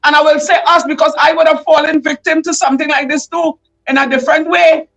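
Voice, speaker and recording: A woman from Trinidad and Tobago, speaking with a Trinidadian accent, hosts a livestream in a high-pitched, fairly bright voice, talking quickly with few pauses and a flat delivery. The recording is rough. Her live commentary is impassioned and emotional, and she often raises her voice as she speaks out.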